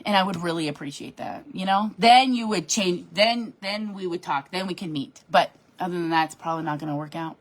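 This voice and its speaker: A direct sales team leader, speaking on the high side, hosts an animated live stream for her sales team from her desk at home. The pep talk is bubbly, and she reads out comments and responds to them along the way.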